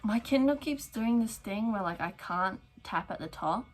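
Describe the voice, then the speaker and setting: Husky, chatty young woman vlogger. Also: mid-range voice, normal speed. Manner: chatty and excitable, full of "like" fillers. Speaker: book vlogger. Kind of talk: casual reading wrap-up chat. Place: at home, neighbour's garden noise outside.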